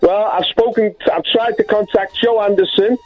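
A man's voice: high voice, fairly even intonation, moderate pace, phone-quality sound, soft background music. A man with a Liverpool accent, calling into a radio phone-in and joking boastfully about his city. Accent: Liverpool (Scouse). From Liverpool, England. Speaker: caller.

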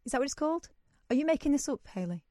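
A woman hosting a radio show chats casually and reads the news aloud, adding joking asides. Her voice sits high and is animated, very fast and mellow, captured on a studio microphone with clean, echo-free sound.

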